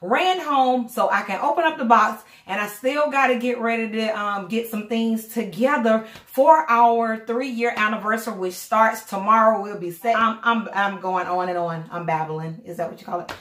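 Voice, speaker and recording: Breathless, excitable woman vlogger with a slightly high voice, rambling casually in a roomy, echoey space. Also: moderate pace, few pauses. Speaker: vlogger, doll collector. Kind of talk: casual unboxing vlog. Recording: echoey room.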